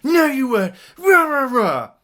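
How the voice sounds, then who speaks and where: A shrill, indignant customer rants and repeats himself , as a man puts him on. The voice sits well above the narrator's usual pitch and pushes loud. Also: very animated, a little slow, heavily acted. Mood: furious. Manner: shrill, ranting, repetitive. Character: irate male customer, shouting and indignant.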